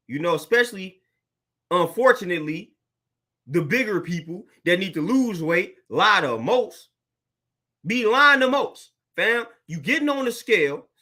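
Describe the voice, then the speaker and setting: A man's voice: sits high, sharp tone. A young adult man, a fitness trainer, ranting bluntly and preachily to camera, repeating himself and using slang. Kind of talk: blunt motivational rant to camera.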